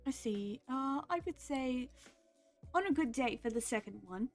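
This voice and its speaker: Stream host, woman, playful and giggly, a bit high-pitched. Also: lively intonation, a little slow, faint music behind. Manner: playful, laughs often. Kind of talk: casual stream chat.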